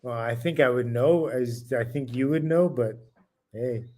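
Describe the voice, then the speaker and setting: A man co-hosting a boxing chat show, laid-back and quick to laugh as he argues back. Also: mid-range voice, darkish tone. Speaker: podcast co-host.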